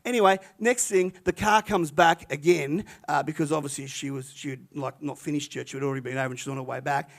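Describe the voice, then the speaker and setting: Older pastor telling a story. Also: male voice, fairly high pitch, quick pace, creaky, few pauses. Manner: animated, chatty storytelling with many restarts. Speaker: retired pastor. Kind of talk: sermon storytelling.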